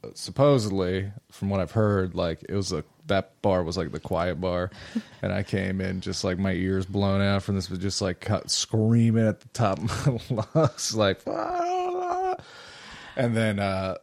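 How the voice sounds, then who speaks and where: A man's voice: low-pitched, fairly even intonation, moderate pace, gravelly, darkish tone, dry recording. A young man on a casual podcast, telling rambling, profane stories with bursts of laughter. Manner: loose, profane storytelling with laughs. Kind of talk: casual chat.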